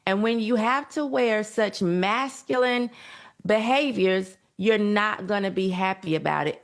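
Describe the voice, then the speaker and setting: A woman's voice: medium pitch, creaky. A woman delivering preachy commentary in a lecturing, moralizing way.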